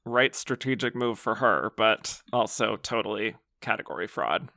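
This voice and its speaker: A man's voice: fairly low pitch, animated, moderate pace, vocal fry, sharp tone, no room sound, studio quality. A man hosting a podcast in casual film chat, reading listener comments aloud and laughing often. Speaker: podcast host.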